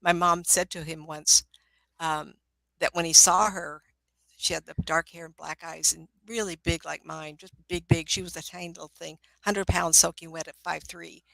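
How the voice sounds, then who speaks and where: A woman's voice: sits low, vocal fry, sharp tone, dry recording, rough recording. An older woman working as a psychic medium, giving readings in a casual, chatty, motherly way on a live stream. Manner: chatty, motherly, calls people honey.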